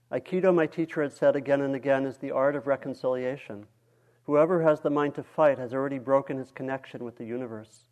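During a dharma talk, a male meditation teacher reads a story aloud in a calm, measured manner, his voice mid-range.

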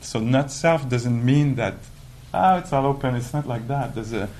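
A man giving a conversational dharma talk as a meditation teacher, animated and full of "you know" fillers. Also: mid-range voice, normal speed, poor audio. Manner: animated, acts out quoted inner voices.

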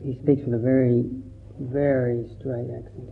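A man, a Buddhist monk, giving a gentle, reflective dharma talk and telling stories with quoted voices. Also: mid-range voice, level tone, measured pace, creaky, a little hiss or hum. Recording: tinny phone-like recording.

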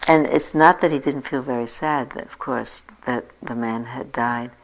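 Low gravelly older woman teaching. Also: unhurried, poor audio. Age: 60s. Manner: reflective, gently self-mocking storytelling. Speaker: meditation teacher. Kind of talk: dharma talk.

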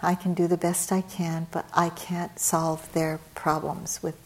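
A middle-aged woman with a slightly low voice gives a dharma talk as a meditation teacher. She tells her story in a loose, conversational way, full of "you know" and little restarts, and she perks up when she acts out scenes. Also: level tone, a little slow, slight background noise. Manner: conversational, frequent fillers, livens up when retelling scenes.

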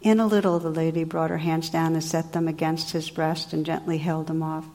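A woman meditation teacher reads an old legend aloud within a talk. Her voice is lowish and calm. She tells the story in an expressive, unhurried way.

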